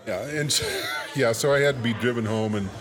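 A man telling a funny story in casual chat, animated and laughing often as he goes. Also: medium pitch, fairly quick, crowd noise.

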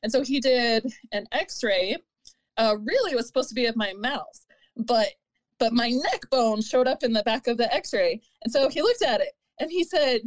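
A woman in her thirties telling her own story in an interview, candid and earnest, pausing and restarting often. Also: fairly high pitch, expressive. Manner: halting, with frequent fillers and restarts. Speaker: interview guest.

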